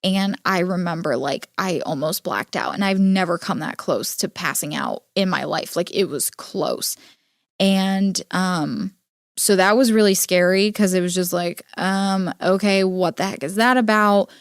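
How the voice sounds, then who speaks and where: A young adult woman hosting a podcast, telling a personal story in an earnest, halting way with many filler words. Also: fairly low pitch, no room sound, studio quality. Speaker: podcast host. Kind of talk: personal storytelling, casual monologue.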